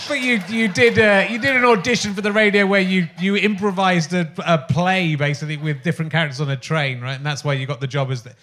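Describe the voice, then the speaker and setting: A man hosting an interview, his voice pitched a little high for a man. He rambles through his questions, restarting his sentences and laughing often. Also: steady tone, fast, hardly any pauses, bright, forceful tone. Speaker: podcast host. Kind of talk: interview chat.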